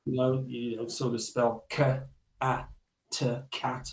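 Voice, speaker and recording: A man telling stories from his childhood as a podcast guest, reflective and halting, with many restarts. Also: medium pitch, flat delivery, gravelly, echoey room, poor audio. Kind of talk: storytelling in a podcast interview.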